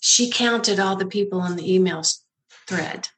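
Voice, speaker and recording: A woman's voice: mid-range voice, moderate pace, a bit bright. A woman who founded a nonprofit, telling her story in a conversational interview, laughing often and acting out the people she quotes.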